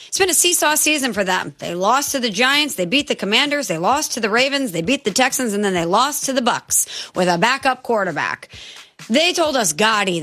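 A woman's voice: medium pitch, sharp tone. A woman co-hosting a sports talk show, giving emphatic, skeptical opinions and running through a list of picks.

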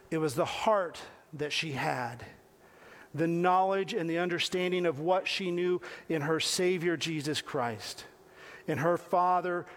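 High-voiced man preaching conversationally. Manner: talks directly to listeners with questions, repeating phrases. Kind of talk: conversational sermon.

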